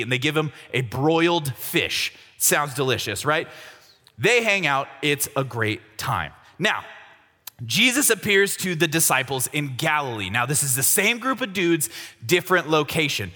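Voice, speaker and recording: A man's voice: a little high, very animated, normal speed, sharp tone. A young man telling a Bible story as a comic youth sermon, jokey and slangy. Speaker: youth speaker. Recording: reverberant hall.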